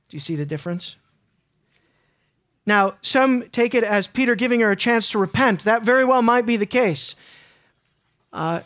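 With a mid-range voice at normal speed, this preacher delivers his sermon earnestly and emotionally, repeating phrases as he moves from loud passages to hushed ones.

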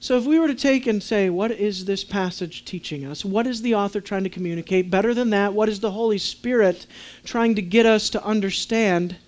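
Animated high-voiced preacher man. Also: fairly quick, few pauses. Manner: animated, swinging between soft low asides and emphatic raised points; addresses congregation with questions. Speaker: pastor. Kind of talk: sermon teaching.

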